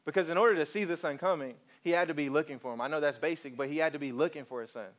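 Man preaching, fairly high voice, animated storyteller who keeps coaxing the crowd. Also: very fast. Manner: animated storytelling, coaxes the congregation. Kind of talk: sermon.

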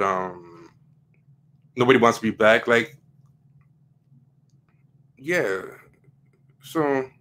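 A man's voice: mid-range voice, fairly bright tone. A man hosting a livestream, giving casual opinion commentary in a rambling way, with frequent fillers and emphatic rising questions. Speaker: livestream host.

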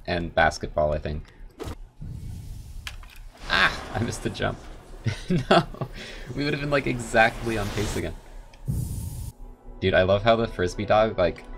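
A man commenting casually on his own speedrun as he plays, chatty and full of "like" fillers, with loud bursts of excitement. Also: low voice. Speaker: speedrunner streaming a game run. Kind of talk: casual live gameplay commentary.

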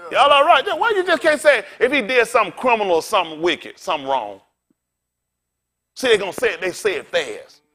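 High-voiced animated male preacher. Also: fairly quick. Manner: rowdy, colloquial preaching with call-and-response. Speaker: pastor. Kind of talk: sermon.

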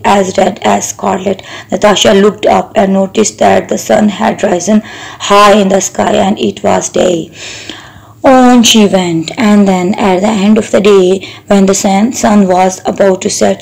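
A woman's voice: mid-range voice, creaky, a little mellow, poor audio. A young woman teacher reading a story aloud to students and stopping to explain difficult words. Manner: pauses to explain hard words. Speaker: English teacher.

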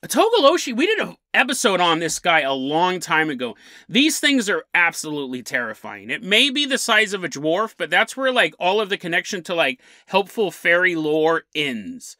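A man's voice: high-pitched, sing-song, moderate pace, sharp tone, no room sound. A man hosting a paranormal podcast, telling a story with lots of energy and chuckling mid-sentence. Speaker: podcast host.

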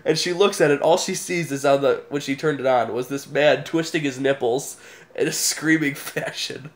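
A man's voice: mid-range voice, moderate pace. A young man, casually telling funny stories to the camera and laughing at them. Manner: laid-back, laughs at his own stories. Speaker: vlogger.

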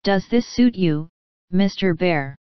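Heartsick young woman, read by the narrator; weary, plain delivery, smooth tone, dry dull recording. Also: lowish voice, expressive, slow, no echo. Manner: plain, weary, tearful speech. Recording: dull, dry studio audio.

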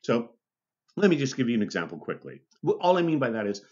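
A man's voice: medium pitch, sing-song, fast, a little mellow, slightly rough, muffled recording. A man teaching a university lecture, chatty and checking in with "okay?" and "right?", often restarting and correcting himself. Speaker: university instructor. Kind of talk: recorded online lecture.

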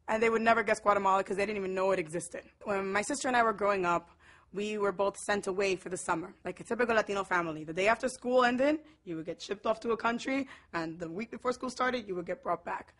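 A young woman from Brooklyn telling a personal story to the camera, lively and mixing in Spanish. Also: mid-range voice, brisk. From Brooklyn, New York. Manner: lively, switches between English and Spanish.

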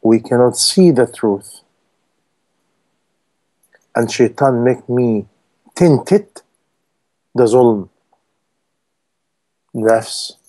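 A man's voice: medium pitch, drawn-out words, pauses often, mellow. A man preaching a sermon in non-native English, emphatic and full of rhetorical questions to his listeners.

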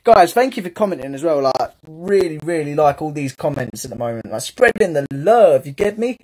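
A man's voice: fairly high pitch, animated, a little fast, a little mellow, breathy edge. A young man with a British accent chatting casually on a live stream, playfully reading out fan gifts and comments.

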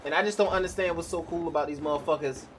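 A man's voice: on the high side, racing, fairly bright tone, a little hiss or hum. Profane ranting young man gaming. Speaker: gamer commentating his own gameplay. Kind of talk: live gameplay commentary rant.

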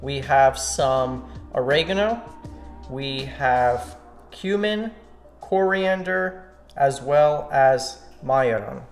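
A man's voice: mid-range voice, extremely slow. Slovak guy doing a cooking vlog in his kitchen, chill, echoey room, music under it. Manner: relaxed, talks viewers through each step. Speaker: cooking channel host. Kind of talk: casual cooking demonstration. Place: home kitchen. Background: background music, clinking dishes.

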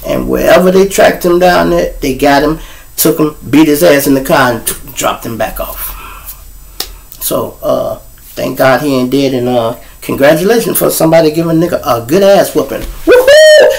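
A man's voice: on the high side, a little fast, gravelly, a little mellow, a little hiss or hum, rough recording. A middle-aged man, the host, telling street stories in a casual, profane monologue aimed straight at his viewers. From Chicago. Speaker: storyteller host.

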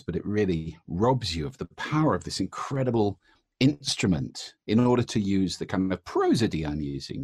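A man's voice: low-pitched, a little mellow, breathy edge, dry recording, studio quality. A man answering interview questions about the voice, explaining and demonstrating voice techniques. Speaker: voice expert guest.

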